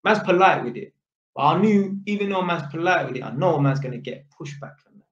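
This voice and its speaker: A man spins his story in thick street slang, ending his lines with tag questions. His voice sits a little high for a man, and the dull, lo-fi recording rings around an echoey room. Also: expressive, brisk. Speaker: vlogger. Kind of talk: casual anecdote telling.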